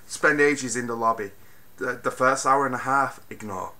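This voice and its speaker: A man giving a casual spoken film review, animated and ranting, swinging from mutters to loud bursts and swearing freely. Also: medium pitch, normal speed. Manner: swears freely, exasperated rants.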